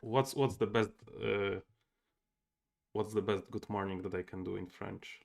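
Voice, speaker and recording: A man's voice: lowish voice, fairly even intonation, unhurried, creaky. A young man thinking aloud while he plays a board game on a livestream and chats with viewers. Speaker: game streamer. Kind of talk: casual livestream commentary.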